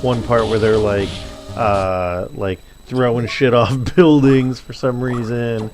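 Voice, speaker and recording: A man's voice: medium pitch, fairly even intonation, takes it slowly, a little mellow, soft background music. Rambling male let's play host. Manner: casual, filler-heavy storytelling. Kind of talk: rambling gameplay commentary.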